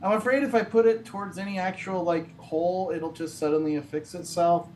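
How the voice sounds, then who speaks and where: Deadpan woman playing a tabletop game. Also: lowish voice, brisk, soft background music. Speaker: player. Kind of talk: tabletop role-play chat.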